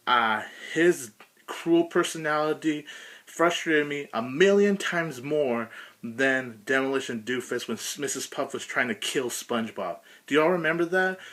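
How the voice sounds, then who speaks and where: A man's voice: medium pitch, a bit bright. A man ranting emphatically through a frustrated cartoon episode review.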